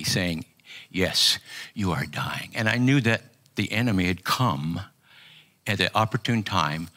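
An older man preaching an earnest personal testimony sermon, halting often with restarts. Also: fairly low pitch, creaky, sharp tone. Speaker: pastor.

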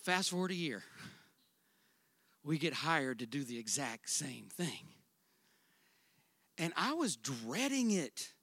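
A man preaching a sermon, swinging between loud, drawn-out emphatic declarations and quiet, conversational storytelling. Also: on the high side, big pitch swings, no echo. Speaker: pastor.

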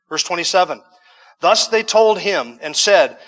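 A man's voice: fairly high pitch, moderate pace, a bit bright, long reverb tail. A man preaching a sermon, reading scripture verses and then explaining them in conversational asides with some humor. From United States. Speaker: pastor.

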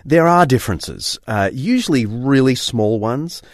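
A man's voice: mid-range voice, animated, a little slow, no room sound, studio quality. A man presenting and narrating a documentary as an enthusiastic, chatty explainer.

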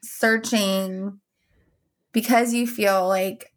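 A woman's voice: mid-range voice, little pitch movement, unhurried. A woman co-hosting a podcast, chatting candidly with lots of fillers and trailing thoughts. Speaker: podcast co-host. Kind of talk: casual chat.

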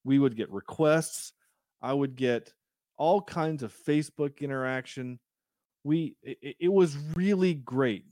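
Rambling podcast host, dry close mic. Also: male voice, mid-range voice, a little slow, dark tone, dry recording. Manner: rambling, self-deprecating, many restarts. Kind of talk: casual podcast chat.

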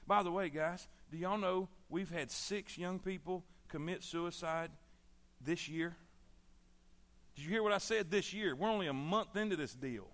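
A middle-aged man preaching a sermon, swinging between loud exhortation and hushed intensity. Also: high-pitched.

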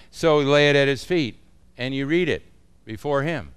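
A man's voice: medium pitch, moderate pace, smooth. Folksy man teaching pastors. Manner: folksy, conversational, chuckles often. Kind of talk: informal teaching talk.

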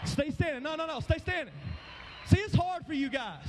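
Very high-voiced man rousing a crowd. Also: expressive, moderate pace, noisy background. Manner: shouting calls to the crowd, playful. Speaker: youth event speaker. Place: large hall before a live crowd.

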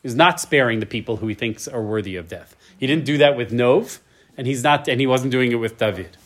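A man's voice: mid-range voice, fairly quick. A man in his thirties teaching a casual Torah class. He reads each verse in Hebrew, translates it, and keeps asking "right?". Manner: chatty, tags lines with "right?".

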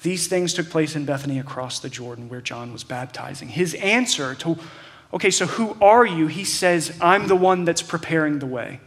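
A man's voice: a little high, moderate pace, fairly bright tone. Man preaching in a conversational way. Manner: conversational preaching with frequent fillers and restarts. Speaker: pastor. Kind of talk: sermon.

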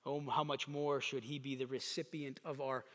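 A man's voice: mid-range voice, little pitch movement, moderate pace, fairly bright tone. A man preaching a sermon as pastor, reading scripture aloud with emphatic delivery. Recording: long hall reverb.

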